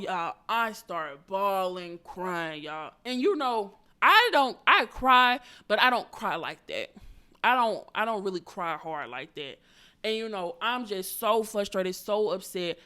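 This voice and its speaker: A young woman hosting a podcast, telling a personal story in a blunt, profane, animated way. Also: medium pitch. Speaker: podcast host. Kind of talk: casual storytelling monologue.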